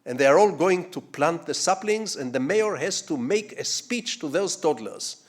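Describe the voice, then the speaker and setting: An older Israeli man with an Israeli accent gives a public lecture as a guest lecturer. His voice is on the high side, with lively intonation at a normal speed. A digressive storyteller, he poses rhetorical questions and swings from quiet asides to loud, sweeping lines.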